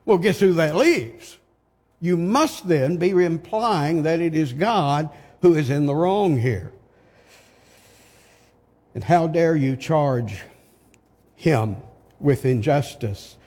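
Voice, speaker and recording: A man's voice: a little high, mellow. An older man preaching an expository sermon, reading scripture aloud and pressing his points with emphatic rhetorical questions. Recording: long reverb of a large hall.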